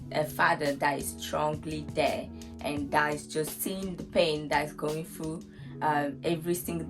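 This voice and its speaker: A young woman chatting casually as a vlogger about being a mother, laughing often and restarting sentences. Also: low voice. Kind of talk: casual chat. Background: soft guitar music.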